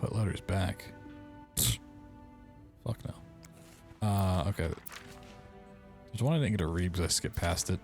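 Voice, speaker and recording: A man streaming a game, casually reading in-game letters aloud and dropping quick asides. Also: sits low, expressive, over music.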